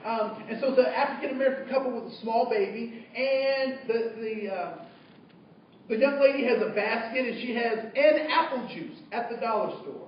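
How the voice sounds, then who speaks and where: A man telling an animated story to an audience, acting out voices and dialogue. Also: extremely high pitch, moderate pace. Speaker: diversity trainer telling a story. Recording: distant, dull, very echoey room recording with faint noise.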